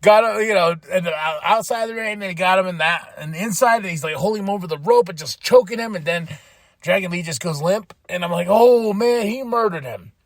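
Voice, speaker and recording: A man hosting a podcast, excitedly recapping a wrestling show in casual chat, laughing and swearing freely. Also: sits high, brisk, no echo. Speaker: podcast host.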